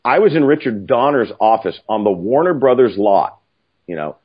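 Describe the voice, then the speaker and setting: An older man telling stories casually, animated and profane, acting out other people's lines. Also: mid-range voice, moderate pace, breathy edge. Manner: animated, profane, acts out quoted voices. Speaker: film writer-director guest. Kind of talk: casual anecdotal storytelling. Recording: muffled lo-fi audio.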